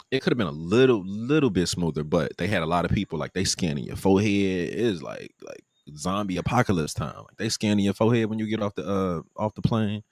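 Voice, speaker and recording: Animated gravelly man telling a travel story. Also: no echo, clean studio sound. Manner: animated, acts out quoted people in a higher voice. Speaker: vlogger live-streaming his trip. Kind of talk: casual storytelling.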